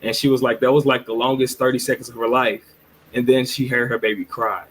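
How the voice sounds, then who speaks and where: A man's voice: mid-range voice, level tone, fairly quick, a little hiss or hum, low-quality recording. A man co-hosting a podcast, telling a story in a rambling, earnest way full of restarts. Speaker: podcast co-host. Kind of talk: casual storytelling chat.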